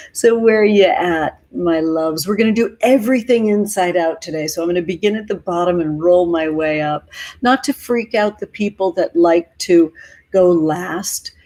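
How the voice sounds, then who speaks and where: A woman hosting a tarot livestream, chatting warmly with viewers from home, gentle and emotional, calling everyone honey and sweetheart. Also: lowish voice, low-quality recording. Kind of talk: casual livestream chat with viewers. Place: home near the ocean.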